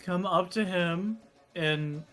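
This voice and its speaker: A man with a somewhat high voice talks as a tabletop game player, casual and full of fillers. Faint music plays behind. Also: slow pace, a bit bright.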